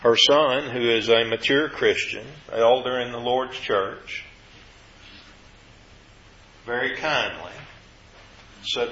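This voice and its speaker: A man delivers a sermon in a bright, forceful voice, earnest and careful in his explanations. He lifts his pitch whenever he quotes scripture. The sound is dull and lo-fi, and it echoes around a roomy church. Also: slow pace, pauses often, a little hiss or hum. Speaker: preacher.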